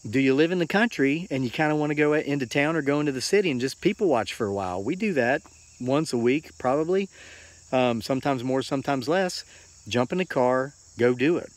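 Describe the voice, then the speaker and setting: A man's voice: medium pitch, dry recording. An American man giving an earnest, rambling motivational talk into a handheld phone, repeating himself for emphasis. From United States. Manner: earnest, rambling and repetitive, with many fillers. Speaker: homesteading vlogger.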